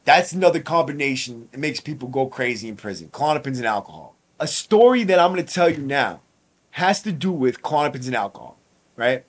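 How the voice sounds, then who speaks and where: Profane, animated man telling prison stories. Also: a little high. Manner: profane, animated storyteller acting out guards' lines. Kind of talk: casual storytelling monologue.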